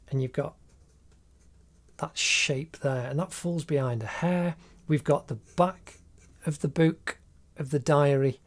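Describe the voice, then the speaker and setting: A man talks through a drawing tutorial step by step in an encouraging way, recorded as a voice-over while he draws. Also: medium pitch. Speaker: art teacher.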